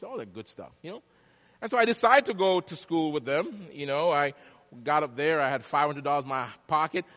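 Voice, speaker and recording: A man tells his story from the pulpit in a fairly high, sharp, forceful voice. He swings between loud bursts and quiet, low asides. His voice rings with the long reverb of a big hall. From Jamaica. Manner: animated, swings from loud to hushed. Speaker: preacher. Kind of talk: storytelling sermon.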